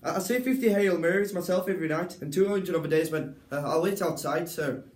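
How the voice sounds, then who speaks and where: A man's voice: fairly high pitch, fairly quick, pitched above the performer's own voice, natural voice. A young man reading the part of a nervous, apologetic servant, stumbling as he reads. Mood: pleading. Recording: roomy, from far off.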